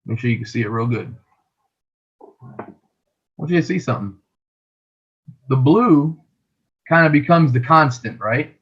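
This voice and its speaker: A man's voice: medium pitch, expressive, a little slow, long pauses, husky, muffled recording. A man teaching a trading lesson over a shared screen, explaining patiently and often checking in with "right?".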